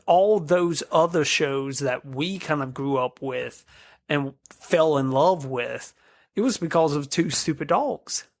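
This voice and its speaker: A man's voice: on the high side, takes it slowly, dry recording, clean studio sound. A man co-hosting a casual podcast, playful, cheering his co-host on with short teasing quips.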